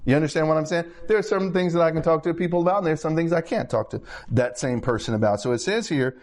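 Male preacher, higher-pitched voice, conversational sermon delivery with repeated phrases and check-ins to the congregation. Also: fast, a little mellow. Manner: repeats and restarts phrases while building a point.

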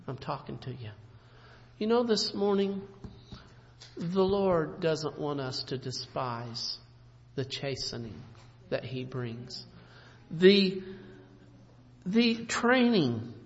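Male preacher, high and animated voice, emphatic sermon delivery, dull lo-fi recording with long hall reverb. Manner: emphatic, swooping preacher's delivery with sudden loud and soft turns.

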